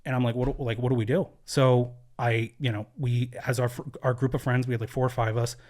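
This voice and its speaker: A man's voice: mid-range voice, level tone, brisk, a little mellow. A man as a podcast guest in a studio, telling a personal story earnestly, with many fillers and restarts. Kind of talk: candid conversational storytelling.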